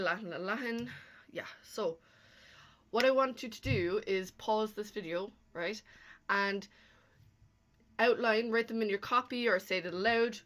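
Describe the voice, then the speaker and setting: A woman's voice: medium pitch, fairly bright tone. A woman teacher recording a lesson over slides, explaining each step and checking in with "okay?" after most points. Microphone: talking over slides.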